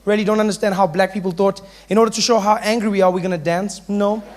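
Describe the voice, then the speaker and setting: A man's voice: sits high, steady tone, fast talker, a little hiss or hum. A male stand-up comedian with a South African accent telling a playful story.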